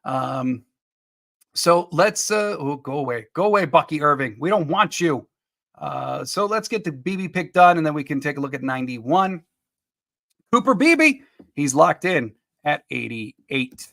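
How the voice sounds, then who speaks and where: A man hosts a live-streamed sports podcast, running through picks and reading viewer comments in an upbeat, chatty way, with chuckles and quick asides to viewers. His slightly high voice is gravelly and fairly bright, with lively intonation, in clean studio sound with no echo.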